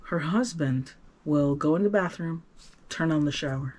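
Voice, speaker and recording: A man talking candidly to the camera in a personal vlog, earnest and rambling, with many restarts and sudden swings from soft to emphatic. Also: fairly high pitch, normal speed. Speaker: vlogger.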